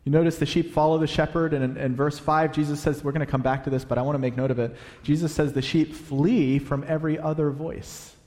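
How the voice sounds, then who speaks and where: A man preaching a sermon, animated, swinging between loud emphasis and hushed, quiet passages. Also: on the high side, fairly quick, hardly any pauses. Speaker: pastor. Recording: long hall reverb.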